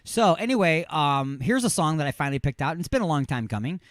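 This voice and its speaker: A man's voice: on the high side, big pitch swings, fast talker, no echo. A man hosting an internet radio show from a studio, joking and rambling with self-mocking asides as he reads out odd news stories. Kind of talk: comedic radio banter reading news stories.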